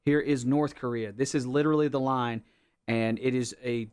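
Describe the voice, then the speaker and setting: A man's voice: mid-range voice, fairly even intonation, normal speed, darkish tone, smooth. A man co-hosting a talk show, amused, walking through clips in casual banter. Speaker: show co-host.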